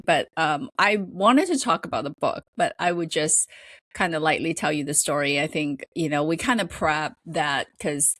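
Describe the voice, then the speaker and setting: Hesitant low-voiced woman podcast host. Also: dry recording. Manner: hesitant, halting with fillers and restarts; laughs between phrases. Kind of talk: casual chat.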